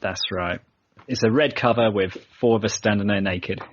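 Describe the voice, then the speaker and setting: A man's voice: on the low side, normal speed, background noise. A British man who is a guest on a casual podcast, joking and playful. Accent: British English. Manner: jokey, playful. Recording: dry, dull lo-fi sound.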